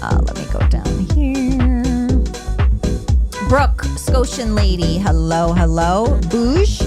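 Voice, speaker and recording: A woman co-hosting a casual live stream, greeting viewers in a cheerful, bubbly way with quick asides. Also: medium pitch, huge pitch swings, loud music behind the voice. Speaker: co-host.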